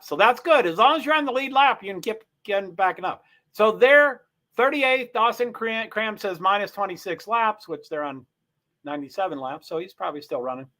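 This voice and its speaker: A man's voice: high-pitched, animated, normal speed, bright, forceful tone. A man hosting a casual livestream, chatting with viewers, thinking aloud and reading race stats off the screen. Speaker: livestream host.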